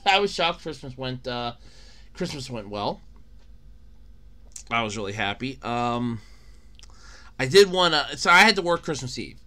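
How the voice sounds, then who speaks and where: A young man hosting a solo podcast, chatting casually, excitable, often laughing and shouting. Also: medium pitch, unhurried, long pauses. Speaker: podcast host.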